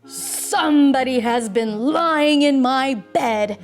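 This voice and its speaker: A woman voicing a big father bear in a storybook, in a rough, gruff voice. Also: high voice, slow, faint music behind. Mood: indignant.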